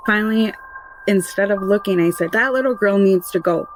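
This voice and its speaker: A woman's voice: medium pitch, brisk, background noise. A woman casually recounting a frightening family experience, rambling and conversational with many restarts. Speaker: mother telling a true paranormal story. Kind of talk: casual spoken recollection.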